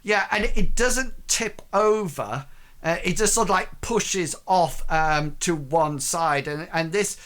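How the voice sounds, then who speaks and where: A man's voice: high-pitched, slow, fairly bright tone. A man narrating a tabletop game as game master, rambling with many fillers.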